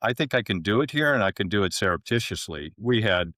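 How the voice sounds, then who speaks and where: A man, a guest in an interview, telling a long anecdote in a relaxed conversational way and acting out the dialogue. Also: lowish voice, fast talker, dry recording, clean studio sound. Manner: relaxed anecdote-teller who acts out quoted dialogue. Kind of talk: conversational storytelling.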